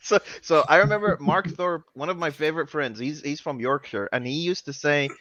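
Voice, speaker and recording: A man hosting a casual chat over a video call, lively and laughing often. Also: a little high, normal speed, dry recording, dull audio. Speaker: host.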